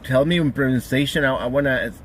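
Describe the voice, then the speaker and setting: A man's voice: medium pitch, fast talker, a bit bright, slight background noise. A man streaming, joking around casually and swearing freely while he practices phrases.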